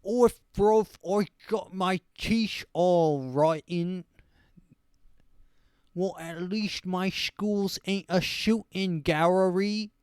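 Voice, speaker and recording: A man putting on a clueless British man with a put-on London accent, drawling slowly in a raised voice. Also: sits high, a little mellow, clean tone, dry recording, clean studio sound, pitched above the performer's own voice. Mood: mocking. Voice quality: raised, slow, drawling delivery. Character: dim-witted British man, cheeky and clueless.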